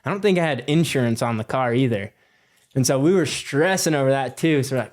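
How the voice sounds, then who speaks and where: A young man in his twenties, a podcast guest telling a story in a loose, animated way with lots of fillers and swearing. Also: mid-range voice, fast talker. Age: 20s. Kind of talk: casual storytelling.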